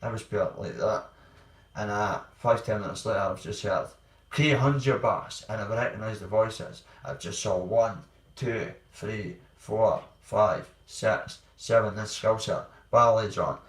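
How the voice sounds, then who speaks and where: Scottish man, low voice, blunt rambling storytelling, roomy echo, set back from the mic. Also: a little slow. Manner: blunt, rambling, swears freely. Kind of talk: candid personal storytelling. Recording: roomy sound, distant from mic.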